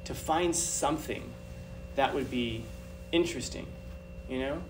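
A man giving a talk to an audience, telling animated personal stories with a chatty, repetitive manner. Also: mid-range voice, a little slow. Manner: animated, chatty, repeats phrases. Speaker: guest speaker. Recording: distant mic with background noise.

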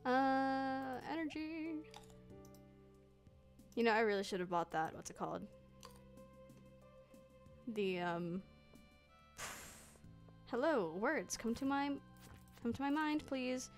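Slow, playful young woman streamer. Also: a little high, animated. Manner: playful, talks to herself, mock-archaic phrases. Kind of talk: casual gameplay commentary. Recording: faint game music behind.

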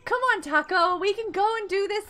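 A woman's voice: very high voice, brisk, pushed and bright, faint music behind. A woman live-streaming a block game, chatting casually and encouraging her friends with lots of giggles.

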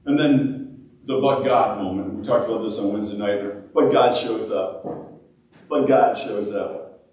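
A man preaching a sermon as pastor, acting out prayers and complaints with a lively, rising voice. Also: on the low side, a little slow, heavy reverb, recorded from a distance, poor audio. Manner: animated, acts out prayers in a raised voice.

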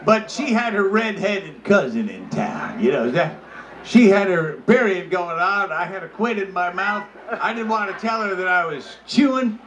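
Brash, shrieking high-voiced male comedian. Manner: loud, brash, shrieking delivery. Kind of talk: stand-up storytelling. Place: crowded bar. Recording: noisy crowded bar.

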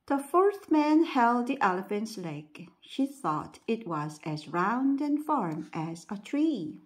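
A woman reading a bedtime story aloud. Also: mid-range voice. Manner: slow, lively storybook reading.

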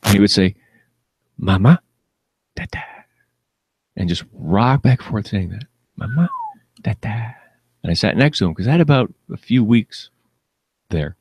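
A man's voice: fairly low pitch, lively intonation, normal speed, slightly rough, no echo. A man on a comedy talk show spins long anecdotes, with a voice that rises and falls a lot as he slips into the people he quotes. His laugh breaks through often. The sound is close and dry, with no room around it. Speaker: podcast co-host. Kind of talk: casual comedy chat.

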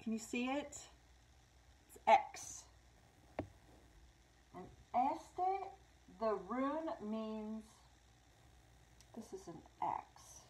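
Brief: woman, live tarot host, chatty, slightly high, soft mellow tone. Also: lively intonation, drawn-out words, long pauses, a little hiss or hum, low-quality recording. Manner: chatty, switches between English and Spanish. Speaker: tarot reader. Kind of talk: casual live tarot reading. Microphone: small clip-on mic.

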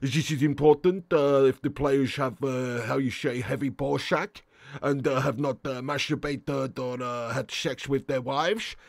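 A man doing a blunt Dutch football manager, in a put-on Dutch accent. He hesitates often as he searches for words. The delivery is flat and matter-of-fact. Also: mid-range voice, takes it slowly, vocal fry, few pauses, no echo, pitched below the performer's own voice.

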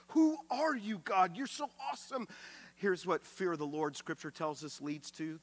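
A man pastor preaching a sermon with emphasis, swinging from loud to hushed and often repeating words as he restarts. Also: medium pitch. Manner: acts out quoted speech with raised voice.

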